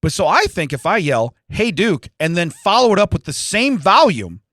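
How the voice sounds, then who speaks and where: A man on a podcast who tells stories loudly and plays every part in them. His voice sits a little high and jumps all over the place. The sound is dry and close, as though he is right at the mic. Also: brisk, no echo. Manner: loud, animated storyteller who acts out quotes. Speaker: podcast co-host. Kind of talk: casual banter. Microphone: studio microphone.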